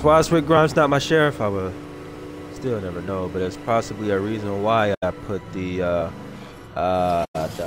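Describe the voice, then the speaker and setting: A man's voice: low voice, noisy background. A man with a cold giving casual let's-play commentary, rambling and talking to himself with goofy asides. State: sick with a cold. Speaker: gaming video creator. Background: game music.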